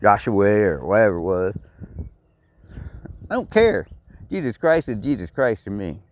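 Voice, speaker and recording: A man's voice: lowish voice, very animated, fairly quick. Angry profane Texan man ranting. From Texas. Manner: blunt and profane, repeats himself. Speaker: vlogger. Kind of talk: angry personal rant. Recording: dry, dull lo-fi sound.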